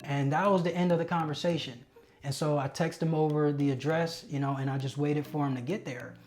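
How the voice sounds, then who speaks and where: A man's voice: a little high, fairly even intonation, brisk, darkish tone. Earnest man telling his own story. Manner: earnest, candid, self-deprecating with laughs. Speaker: testimony speaker. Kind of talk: personal storytelling.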